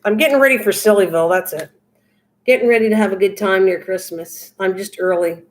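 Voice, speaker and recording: A woman's voice: medium pitch, fairly quick, a little mellow. An older woman hosting a craft livestream, chatting casually with her viewers in a goofy, teasing, rambling way. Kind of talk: casual chat with live viewers.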